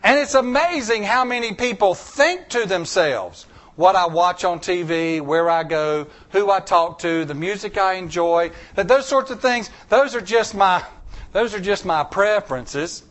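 Preacher, male, high voice, emphatic sermon delivery with folksy humor. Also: expressive, unhurried, fairly bright tone. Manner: emphatic, repetitive, with folksy jokes. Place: church.

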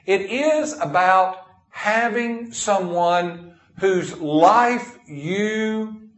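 Folksy preacher in an echoey room. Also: male voice, high voice, drawn-out words, fairly bright tone. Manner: folksy storytelling, reads scripture in King James wording. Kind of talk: sermon.

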